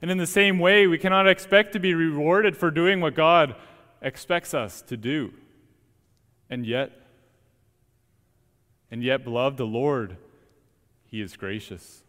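Young male student preacher, slightly higher voice, earnest and emphatic, long church reverb. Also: measured pace, long pauses, a bit bright. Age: young adult. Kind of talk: sermon. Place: church sanctuary.

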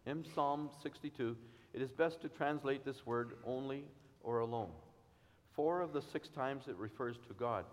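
A man preaching a sermon in an earnest, measured way, asking his listeners questions. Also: mid-range voice. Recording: long hall reverb.

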